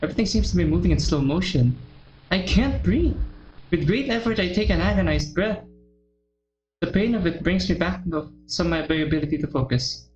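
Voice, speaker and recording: A woman's voice: deep voice, darkish tone, pitched below the performer's own voice. A woman voicing a shy, intense teenage girl turning vicious while reading a visual novel aloud.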